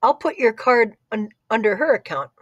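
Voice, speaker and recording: A woman's voice: on the high side, animated, moderate pace, no room sound, lo-fi sound. A woman reading as a grumpy older male librarian in an audiobook, terse and grudging. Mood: gruff. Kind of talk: audiobook character voice.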